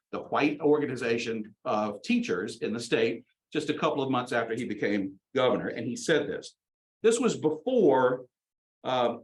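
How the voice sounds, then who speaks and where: Man, mid pitch, lecturer who leans hard on key words and repeats dates. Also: low-quality recording. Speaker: guest lecturer. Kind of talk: history lecture.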